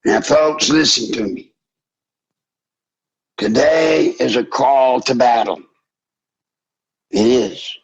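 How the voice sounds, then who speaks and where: An older man hosting a call-in radio show, preaching with fiery passion and rising to shouts. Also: mid-range voice, slow pace, pauses often, husky. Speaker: radio talk show host. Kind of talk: impassioned call-in radio talk. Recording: dull lo-fi broadcast audio.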